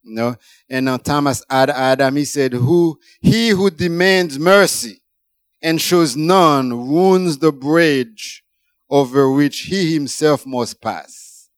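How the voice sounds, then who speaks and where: A man preaching a sermon, emphatic, rising high for emphasis and then dropping low. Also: slow, smooth, no echo.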